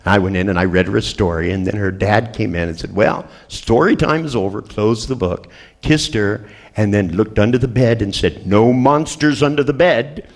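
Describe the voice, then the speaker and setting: This middle-aged man's voice sits on the low side and moves at a moderate pace. As a seminar trainer addressing a group, he jokes his way through stories, performing the quoted voices of their characters.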